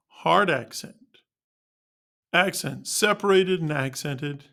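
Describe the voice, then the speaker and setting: A male music teacher narrating a scripted lesson on articulations in a clear, instructional way. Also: on the high side, fairly bright tone.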